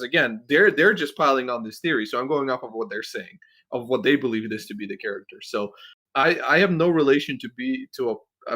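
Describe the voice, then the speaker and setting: A man's voice: medium pitch, fairly bright tone. A man hosting a podcast, ranting bluntly and with plenty of swearing as he critiques a video. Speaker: podcast host. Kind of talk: casual critique chat.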